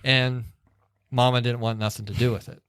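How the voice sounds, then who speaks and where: A man's voice: mid-range voice, little pitch movement, moderate pace, fairly bright tone, slight background noise. Middle-aged man telling a rambling story. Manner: rambling storyteller acting out quoted people. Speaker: podcast co-host. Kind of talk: casual chat.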